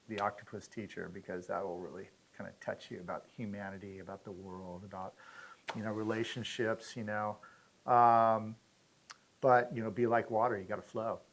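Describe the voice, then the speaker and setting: A man's voice: fairly low pitch, fairly bright tone, slight background noise, rough recording. A male teacher speaking loosely and casually about what he wants to teach. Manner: loose, rambling, laid-back. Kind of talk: casual interview answer.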